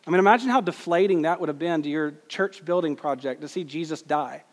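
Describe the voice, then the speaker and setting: A male pastor delivers an earnest sermon, leaning hard on key phrases and slowing for quotes. His voice sits a little high for a man. A long hall reverb trails each line. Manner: earnest, emphatic preaching with slow stressed quotes.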